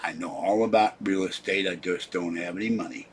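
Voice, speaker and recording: A man's voice: sits low, fairly quick, a little hiss or hum. An older man hosting a live stream, rambling and scolding his chat viewers in an irritable, complaining way. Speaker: livestream host.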